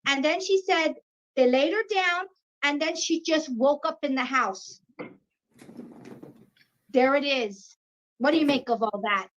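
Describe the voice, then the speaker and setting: High-pitched woman in her 50s telling a wild story, muffled lo-fi sound. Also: measured pace, pauses often. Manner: animated, acts out quoted voices. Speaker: guest. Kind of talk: personal storytelling. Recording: dull lo-fi sound.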